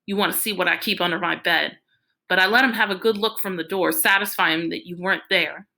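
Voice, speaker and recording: A woman voicing a nervous, jittery bearded man who talks fast and pleads. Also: fairly low pitch, gravelly, bright, forceful tone.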